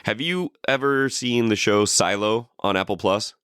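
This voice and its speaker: Male podcast co-host: bright, dry sound, rambling and profane. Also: on the low side, moderate pace, clean tone, no echo. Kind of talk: casual chat.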